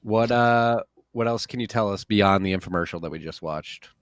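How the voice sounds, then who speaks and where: A man's voice: on the low side, moderate pace, clean tone, no echo. A man hosting a podcast in casual, jokey chat, a little tired after a workout. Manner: laid-back, jokey. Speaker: podcast host.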